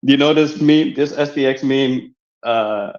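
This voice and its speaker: A man's voice: medium pitch, a little mellow. Earnest man, slightly muffled audio. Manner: earnest, reassuring, halting with many fillers. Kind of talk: casual chat on a live audio space.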